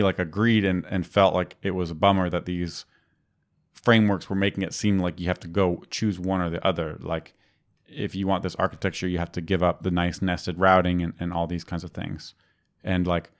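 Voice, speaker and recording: A man with a low voice chats casually as a podcast co-host. He rambles through his points, leaning heavily on fillers and restarting sentences as he goes. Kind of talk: casual technical chat.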